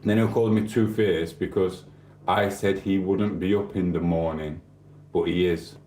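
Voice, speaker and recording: A man's voice: sits low, steady tone, moderate pace, darkish tone, echoey room. A man hosting a stream, rambling in casual chat with swearing and asides to viewers. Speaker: livestream host.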